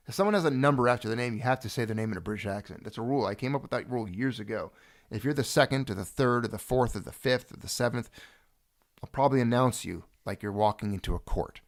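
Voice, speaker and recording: A man hosting a casual video chat, talking straight to viewers in a jokey, animated way. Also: medium pitch, fast talker. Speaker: host.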